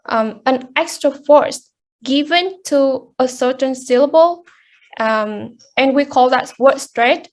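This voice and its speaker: Young woman, high voice, halting class presentation with lots of ums. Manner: hesitant, many fillers and restarts. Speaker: student presenter.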